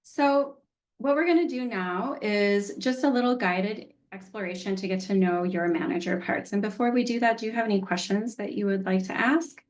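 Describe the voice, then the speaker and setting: A woman's voice: mid-range voice, moderate pace. Chatty woman teaching a healing class. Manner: chatty, candid, laughs easily. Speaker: workshop teacher.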